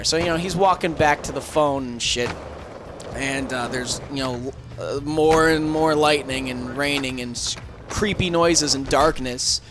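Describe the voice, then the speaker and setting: A man's voice: fairly high pitch, moderate pace. A man casually retelling a movie plot on a game stream, rambling and swearing with many fillers. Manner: rambling, profane storytelling with lots of fillers. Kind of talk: casual chat. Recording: crackly audio with background noise.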